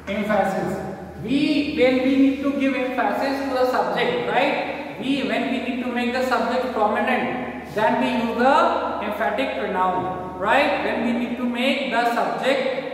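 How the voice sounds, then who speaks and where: High-voiced Indian teacher in an echoey room. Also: male voice, a little slow. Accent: Indian English. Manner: patient, repetitive, checks understanding often. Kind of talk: classroom grammar lesson. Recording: echoey room with long reverb, far from mic.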